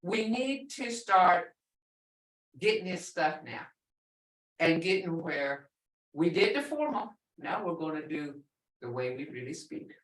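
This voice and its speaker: A middle-aged woman teaching a language class, drawing out words slowly and carefully as she explains. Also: on the low side, distant mic. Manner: lively, drawn-out teaching with slow spelled-out phrases. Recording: echoey room, voice a bit off-mic.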